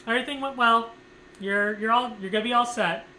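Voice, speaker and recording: A man imitating a cheerful female nurse in a high, chirpy, reassuring voice while telling a story. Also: a little fast, bright, forceful tone, roomy sound, slight background noise, exaggerated voice.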